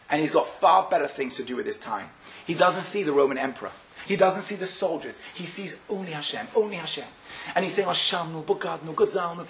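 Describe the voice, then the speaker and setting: A man giving a Torah lecture, telling stories with animated delivery and acting out the quotes. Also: roomy sound, low-quality recording. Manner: animated, acts out quotes with sharp pitch jumps. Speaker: rabbi giving a Torah class.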